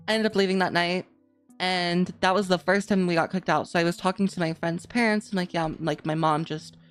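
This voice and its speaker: A young adult woman co-hosting a podcast, telling a personal story in casual chat, rambling with lots of "like" fillers. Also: on the low side. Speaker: podcast co-host.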